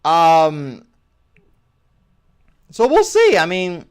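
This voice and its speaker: A man's voice: on the high side, wildly swooping pitch, very slow, smooth. A man hosting a solo sports talk show, giving his opinions in a rambling way and often restarting phrases. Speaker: podcast host.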